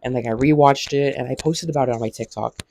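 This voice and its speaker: A man with a gravelly, creaky voice chatting through a TV episode recap for his vlog. He rambles and leans on "like" constantly, slipping into quick impressions of the characters. The sound is dry and close, with no room around it. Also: mid-range voice, a little mellow, no echo. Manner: rambling, heavy use of "like", acts out quotes. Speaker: vlogger.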